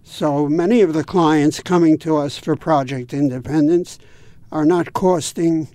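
A man speaking as a guest on an interview, explaining things in a measured, patient way. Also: a little high, dark tone, no room sound. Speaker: guest from a home repair volunteer group. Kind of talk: interview answers.

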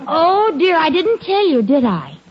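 A woman's voice: extremely high pitch, huge pitch swings, unhurried, slight background noise, heavily acted. A woman acting a sweet, affectionate wife in a 1940s radio sitcom, muffled old recording. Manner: sweet, affectionate, gently teasing.

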